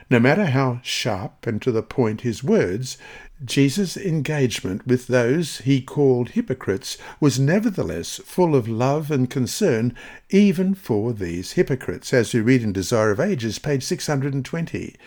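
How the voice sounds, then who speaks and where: A man reading a scripted devotional Bible study in a measured, earnest way, slowing on key phrases. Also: medium pitch, darkish tone. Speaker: devotional reader.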